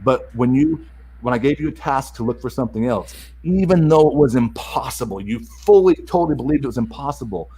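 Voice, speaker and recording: A middle-aged man telling a family story in a casual interview, animated and acting out the other voices in it. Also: medium pitch, brisk, low-quality recording. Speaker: podcast guest.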